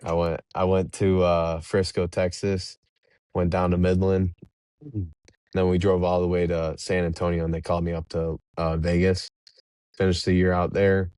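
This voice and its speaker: Young guy, real low voice, laid-back rambling guest stories, dry close sound. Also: level tone, moderate pace, a little mellow, smooth, no room sound. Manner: laid-back, rambling, laughs between anecdotes. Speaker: professional baseball pitcher, podcast guest. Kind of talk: casual interview storytelling.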